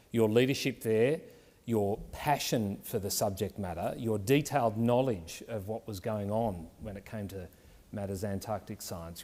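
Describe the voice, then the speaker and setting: An Australian senator from Tasmania giving a courteous, measured tribute speech in parliament. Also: male voice, on the low side, a little mellow. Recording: reverberant parliamentary chamber.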